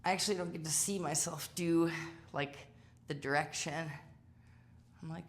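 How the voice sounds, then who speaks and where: A woman's voice: low-pitched, fairly even intonation, normal speed, pauses often, a little hiss or hum. A woman leading a home workout class, chatty and self-deprecating, tired from exercising as she talks. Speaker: fitness instructor. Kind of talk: live workout coaching.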